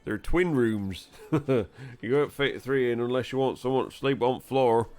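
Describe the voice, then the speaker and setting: A man's voice: medium pitch, a little slow, a little mellow, close to an everyday voice. A man voicing a blunt, money-minded Yorkshire innkeeper who teases and haggles, with music behind. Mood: matter-of-fact.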